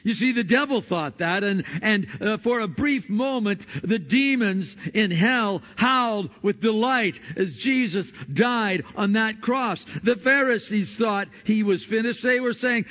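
A male pastor preaching a sermon in earnest tones, moving between hushed passages and emphatic ones. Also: high-pitched, lively intonation, a little slow, hardly any pauses. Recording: dull sound in a reverberant hall.

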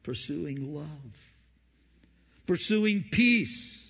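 A male pastor preaching slowly and deliberately, leaning on emphasis and rhetorical questions. His voice carries a long hall reverb, and the recording sounds dull and lo-fi. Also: on the high side, animated, vocal fry, a bit bright, slightly rough. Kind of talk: sermon.

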